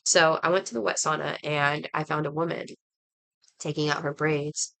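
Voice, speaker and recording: A woman's voice: deep voice, fairly even intonation, normal speed, gravelly, fairly bright tone. A woman with a cold, rambling through a heartfelt story in casual chat while she does her makeup. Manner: rambling, heartfelt, lots of fillers. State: congested from a cold. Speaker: vlogger.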